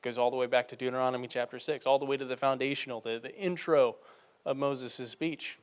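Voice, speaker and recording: In a mid-range, steady voice, a man preaches a sermon by reading scripture aloud and discussing it conversationally. He slows and gets louder whenever he stresses a point.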